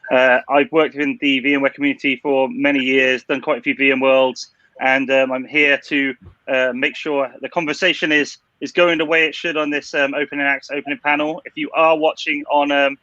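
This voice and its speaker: A man's voice: medium pitch, little pitch movement, moderate pace, bright, forceful tone, no echo, highs cut off. A man hosting a panel discussion over a video call, chatty and welcoming. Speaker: panel moderator.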